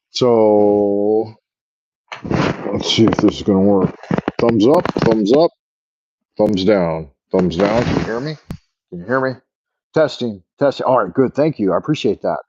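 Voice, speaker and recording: A man's voice: lowish voice, darkish tone, no room sound. A man hosting a livestream, telling an exaggerated, profane story in a rambling way over a wireless earbud mic. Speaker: livestream host. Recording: dull dry earbud mic sound.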